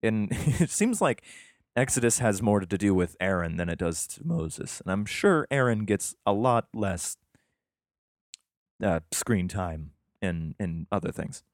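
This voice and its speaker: Brief: low-voiced man, irreverent scripture commentary, sarcastic asides, dry close sound. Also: animated, dry recording. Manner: profane, rambling, sarcastic asides; slow emphatic reading of scripture passages. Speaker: podcaster reading and commenting on scripture.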